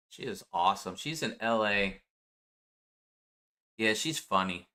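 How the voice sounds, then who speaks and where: Bright-voiced male streamer chatting casually. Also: on the low side, expressive, unhurried, long pauses. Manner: chatty, laughing, sing-song asides. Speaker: streamer reacting to clips. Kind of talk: casual reaction chat.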